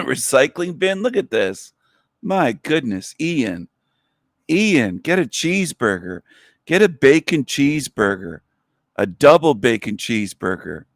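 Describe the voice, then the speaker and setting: Male livestream host, slow drawling delivery, mocking and crude, dry close mic. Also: mid-range voice, no echo. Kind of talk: casual livestream monologue.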